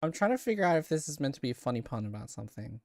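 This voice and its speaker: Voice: medium pitch, very animated, very fast, creaky, no room sound, clean studio sound. A streamer making casual, self-mocking asides while playing a game. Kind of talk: casual gameplay commentary.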